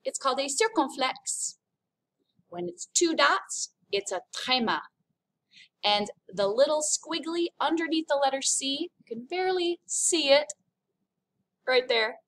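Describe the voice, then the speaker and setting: Woman from the United States, high voice, upbeat French teacher, slow clear demonstrations. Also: a bit bright. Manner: upbeat, explains slowly and demonstrates sounds. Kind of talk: recorded online lesson.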